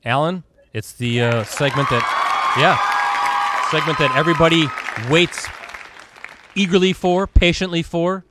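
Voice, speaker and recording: A man hosting a quiz game on a live online show, keeping up a quick, upbeat game-show patter over a video call. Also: on the high side, steady tone, loud music behind the voice, a loud crowd. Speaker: host.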